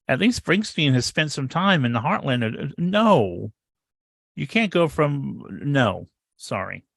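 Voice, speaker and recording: A man's voice: on the high side, very animated, measured pace, gravelly, a bit bright, no room sound. A man co-hosting a music podcast, talking in a sardonic, rambling way with repeated words. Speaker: podcast co-host. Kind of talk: casual podcast chat.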